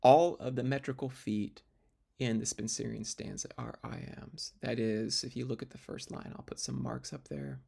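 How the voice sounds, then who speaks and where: Gravelly, husky man lecturing. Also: mid-range voice, fairly even intonation, moderate pace, mellow. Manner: explains step by step, with fillers and restarts. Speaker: literature teacher. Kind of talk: recorded lecture video.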